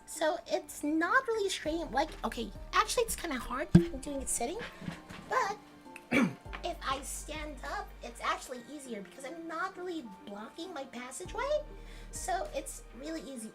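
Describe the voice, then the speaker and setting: A woman voicing a bubbly young VTuber girl in a high, chirpy, playful voice during a gaming stream. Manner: bright, chirpy, playful show-off voice.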